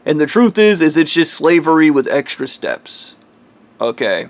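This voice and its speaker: Rich. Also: male voice, fairly high pitch, sing-song, unhurried. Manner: profane, heated, rambling. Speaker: vlogger. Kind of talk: ranting monologue.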